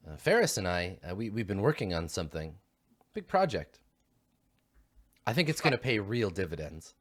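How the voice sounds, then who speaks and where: A man voicing an eerie, distracted male doctor who talks softly and fussily. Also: sits low, very animated, normal speed. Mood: solicitous.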